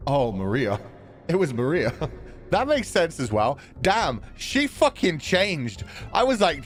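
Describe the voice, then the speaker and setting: Profane, animated male game streamer. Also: medium pitch, unhurried, faint music behind. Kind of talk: casual gaming commentary.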